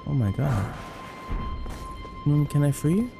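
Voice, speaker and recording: Excitable man commenting on a game. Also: fairly high pitch, unhurried, gravelly. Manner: excitable, swears, jokes and laughs. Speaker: gameplay commentator. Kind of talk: casual gaming commentary. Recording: voice over game music.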